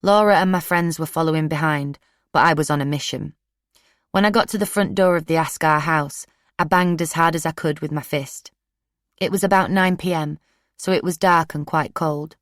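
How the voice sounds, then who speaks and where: A woman narrating a first-person true crime audiobook in a steady, plain-spoken way. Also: sits low, normal speed, dry recording, clean studio sound.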